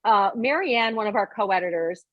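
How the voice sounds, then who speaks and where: A woman hosting a casual conversation, telling stories in an animated way and laughing often. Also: mid-range voice, moderate pace, no echo, dull audio. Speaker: host.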